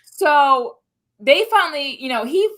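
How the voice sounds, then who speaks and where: Bright, animated, foul-mouthed woman. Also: high-pitched, measured pace. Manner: animated, profane storyteller. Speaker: co-host. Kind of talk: casual live-stream chat. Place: Central Florida.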